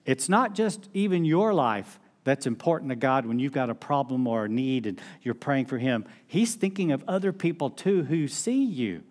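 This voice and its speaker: A man's voice: medium pitch, expressive, normal speed, few pauses, a little mellow. A middle-aged male pastor, preaching a sermon in a conversational storytelling way. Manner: conversational storytelling with laughs and acted-out quotes.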